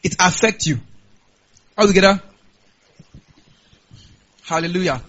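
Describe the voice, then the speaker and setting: High-pitched Nigerian pastor preaching. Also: male voice, a little slow, muffled recording. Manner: animated preaching, frequent hallelujahs. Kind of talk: sermon.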